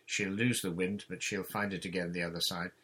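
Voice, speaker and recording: A man's voice: low-pitched, fairly even intonation, a little fast, bright, forceful tone, husky, heavily acted. A man doing a commanding boy captain. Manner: earnest, giving orders.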